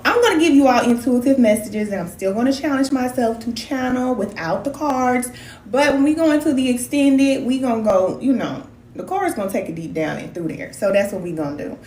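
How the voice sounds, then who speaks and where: On a casual live stream, a woman who practices spiritual wellness chats in a folksy, animated manner and addresses her viewers as cousins. Her voice runs on the high side, the room sounds spacious, and there's a faint hiss or hum.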